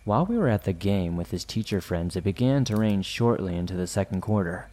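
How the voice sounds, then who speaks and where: A man hosting a horror podcast, reading a first-person scary story in a measured, deliberate way. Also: low voice, expressive, warm tone. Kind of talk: scripted horror narration.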